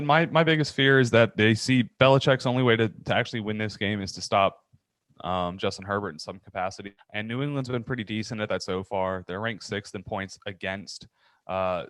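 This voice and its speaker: A man co-hosting a fantasy football show, laying out stats in a steady, matter-of-fact way. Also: lowish voice, fairly quick, no room sound. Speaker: fantasy football podcast co-host. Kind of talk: casual sports analysis chat.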